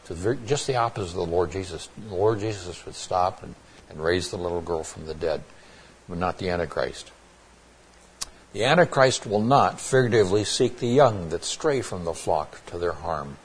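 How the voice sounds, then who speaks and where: A man's voice: low-pitched, animated, normal speed, slight background noise. A man preaching a Bible sermon, earnest and plainspoken, often restarting his words with fillers.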